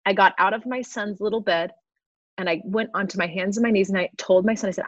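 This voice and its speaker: A woman's voice: medium pitch, fast, dry recording. A woman in her thirties, a guest sharing an earnest personal testimony with frequent laughs. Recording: slightly dull lo-fi recording.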